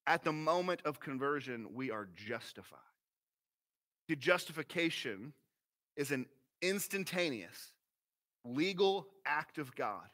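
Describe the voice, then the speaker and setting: A high-voiced man preaching, bright and forceful in tone. He is a pastor in his thirties, folksy and animated, his pitch swinging widely as he moves from quiet, serious points to excited ones. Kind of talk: sermon.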